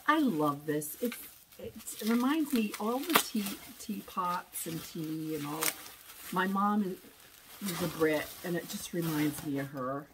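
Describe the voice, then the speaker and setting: A woman's voice: on the low side, lively intonation, measured pace, background noise. A woman vlogger chatting casually while unboxing thrift packages, rambling and restarting her thoughts.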